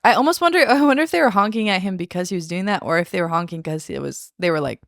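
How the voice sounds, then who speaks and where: A woman's voice: lowish voice, expressive, rapid-fire, creaky, a bit bright, no echo, clean studio sound. A woman co-hosting a casual podcast, bubbly and playful. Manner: bubbly and playful, laughs often. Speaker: podcast co-host. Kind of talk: casual chat.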